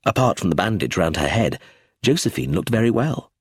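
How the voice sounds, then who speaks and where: A man reading a novel aloud as first-person narrator, measured and expressive. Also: fairly low pitch, husky, no room sound, clean studio sound. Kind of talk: audiobook narration.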